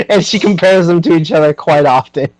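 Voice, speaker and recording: A man's voice: fairly high pitch, normal speed, no room sound, low-quality recording. A young man hosting a podcast, chatting casually and animatedly, with lots of fillers and frequent laughter. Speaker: podcast host.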